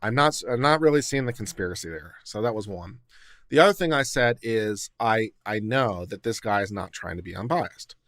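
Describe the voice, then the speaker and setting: A fairly low-pitched man talks through a casual livestream reaction as its host, a lawyer who circles his points with fillers, restarts and "you know". His voice sits close and dry on the mic, with no room sound around it. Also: expressive, normal speed, fairly bright tone, no echo. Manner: conversational, hedging, many fillers and restarts.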